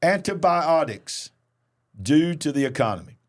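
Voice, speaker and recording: A man's voice: a little high, unhurried. A man, a preacher hosting a news commentary show, reading headlines and commenting emphatically. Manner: animated, reads news then comments emphatically. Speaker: host and preacher.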